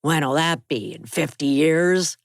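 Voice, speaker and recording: A woman narrator voicing a pushy older male loan shark with a gravelly voice, in an audiobook. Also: deep voice, expressive, slow pace, dry recording, studio quality, exaggerated voice. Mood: menacing.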